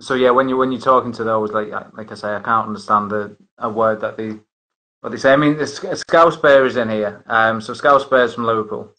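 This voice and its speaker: A man's voice: on the low side, a little fast, pushed and bright, rough recording. A man hosting a casual chat, rambling with many restarts and fillers. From northern England. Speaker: host.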